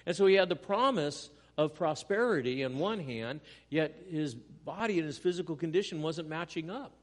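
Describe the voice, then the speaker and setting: A man preaching a sermon, earnest, moving between loud emphatic lines and quiet, hushed ones. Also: fairly high pitch, animated, normal speed, in a large hall. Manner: earnest preaching with dramatic swings in volume. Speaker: pastor.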